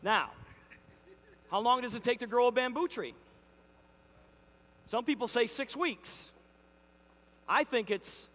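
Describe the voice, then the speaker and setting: High-voiced man giving a motivational keynote. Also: slow, long pauses. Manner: energetic, acts out neighbor dialogue in the story. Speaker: company executive speaking at a convention. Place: large convention hall. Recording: hall reverb.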